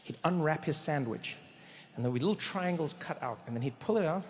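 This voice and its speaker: A male stand-up comedian telling a story on a live stage, animated and acting out voices. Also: on the high side, brisk. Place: large live theatre. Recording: echoey hall with faint crowd noise.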